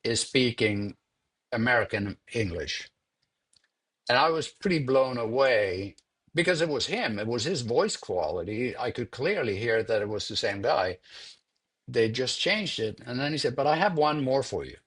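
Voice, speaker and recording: Husky older man telling a story. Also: medium pitch, lively intonation, a bit bright. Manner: unhurried, repeats words while thinking. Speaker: interviewed sound editor. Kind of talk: conversational interview storytelling.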